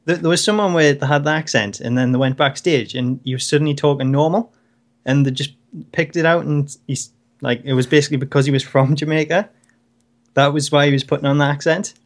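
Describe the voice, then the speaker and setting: A man co-hosts a wrestling talk show in laid-back conversation. His voice sits a little high for a man, and he is easygoing but hesitant, often stumbling and restarting words as he thinks aloud. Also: fairly quick. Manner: relaxed, hesitant, restarts words while working through a thought. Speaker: co-host. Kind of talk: casual chat.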